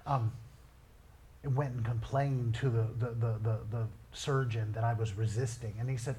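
A man preaching a sermon, moving between quiet storytelling and loud, drawn-out climaxes. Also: medium pitch, steady tone, a little hiss or hum. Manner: dramatic, swings from quiet storytelling to shouted climaxes; slow, drawn-out emphasis on key words.

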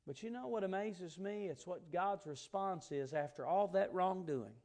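A man's voice: sits high, normal speed, darkish tone. A man preaching an evening church sermon, earnest and emphatic, stressing and repeating key words.

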